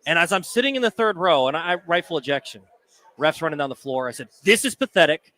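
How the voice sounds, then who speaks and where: A man's voice: a little high, animated, fast, bright, forceful tone. A man co-hosting a live sports talk show from a sports bar, telling stories in a playful, teasing way. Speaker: sports radio co-host. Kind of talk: casual sports talk banter.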